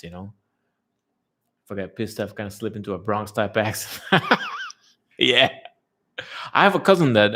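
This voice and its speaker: A man with a somewhat low voice talks casually to his viewers. He rambles through stories with lots of fillers and easy swearing. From lives in a tourism-based place, has lived abroad. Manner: relaxed, rambling, swears often, many fillers. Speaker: channel host chatting with viewers. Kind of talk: casual live chat.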